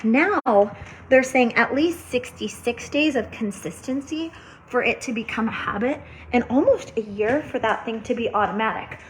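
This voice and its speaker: A woman's voice: a little high, moderate pace, a little hiss or hum, low-quality recording. A woman in her thirties, a faith-based health coach, talking energetically to the camera from an ice bath, shivering from the cold. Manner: energetic, chatty, many fillers. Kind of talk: faith-based motivational vlog.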